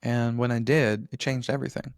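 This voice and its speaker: A man's voice: mid-range voice, fairly even intonation, a little fast, no echo, studio quality. A man as a podcast guest, talking earnestly in a casual interview and often restarting his phrases.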